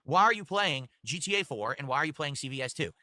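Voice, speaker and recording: A man's voice: on the high side, fast talker, no echo. A man livestreaming from his home room, rambling and cursing as he thanks donors in casual chat. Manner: rambling, profane, animated thank-yous. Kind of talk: casual stream chat reading donations. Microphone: desktop USB mic.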